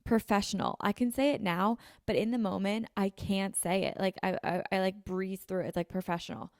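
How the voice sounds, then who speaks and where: Recorded in clean studio sound with no echo, this podcast host speaks in a medium-pitched, steady, darkish voice at normal speed. She's a young American woman from the Philadelphia suburbs, chatty and filler-heavy with constant "like"s, and a bit sniffly from a slightly runny nose, using a podcast mic with video in an apartment room.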